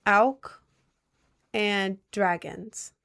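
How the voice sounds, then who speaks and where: A woman's voice: mid-range voice, fairly even intonation, very slow, gravelly, fairly bright tone. A young woman from Maryland chatting casually on a livestream, answering viewer questions with playful, dry sarcasm. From Maryland, USA. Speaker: streamer reading chat.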